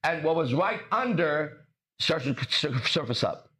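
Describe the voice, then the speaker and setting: A man's voice: fairly high pitch, lively intonation, unhurried, fairly bright tone. A man hosting a motivational talk, emphatic and preachy, who swears and stumbles over words as he explains. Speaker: podcast host. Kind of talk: motivational conversation.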